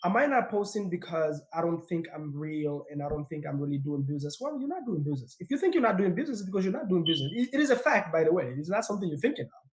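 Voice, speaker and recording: A man with a non-native English accent, a podcast guest talking in an energetic, emphatic way and repeating words when excited. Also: a little high, very fast. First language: not English; speaks four languages. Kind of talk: casual podcast conversation.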